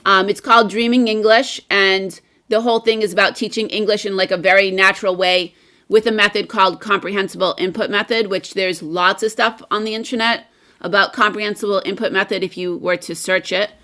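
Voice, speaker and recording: Bright, chatty American woman teacher on a video call. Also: medium pitch, fairly even intonation, a little fast. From United States. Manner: enthusiastic, chatty, repeats words as she talks. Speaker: guest English teacher. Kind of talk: casual live-stream discussion.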